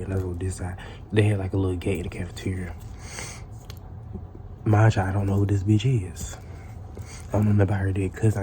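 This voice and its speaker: A man's voice: low voice, dark tone, a little hiss or hum. A man telling a casual storytime tale in a profane, rambling way, full of restarts.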